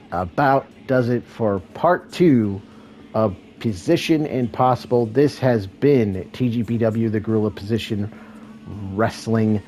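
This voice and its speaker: A man hosting and calling a wrestling video game match as a solo play-by-play commentator, with excitable calls and joking asides. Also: on the low side, poor audio. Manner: excitable play-by-play, rising to shouts at near-falls; self-deprecating asides.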